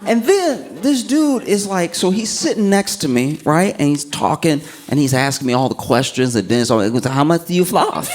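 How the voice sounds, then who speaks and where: A man's voice: fairly high pitch, moderate pace, few pauses, slight background noise. Young man telling a laughing stand-up story. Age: young adult. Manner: animated, laughing through his own story. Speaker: stand-up comedian.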